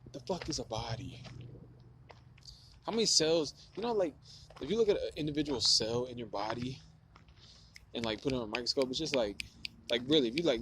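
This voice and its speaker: A vlogger with a medium-pitched, slightly bright voice rambles in a stream-of-consciousness monologue, musing, swearing, and leaning heavily on "like" and other fillers. The audio is poor, with slight background noise and running water.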